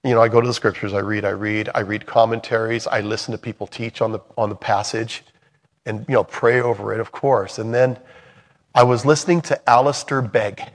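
A low, steady, fairly quick male voice carries a big-room sound as this middle-aged Bible study teacher and songwriter leads a session. Earnest and conversational at first, he then reads scripture aloud with many restarts and self-corrections.

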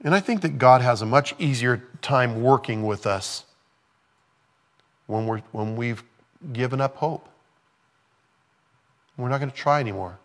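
A man's voice: medium pitch, measured pace, pauses often, big-room sound. A man preaching a sermon in a conversational way, with playful acted-out asides. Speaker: pastor.

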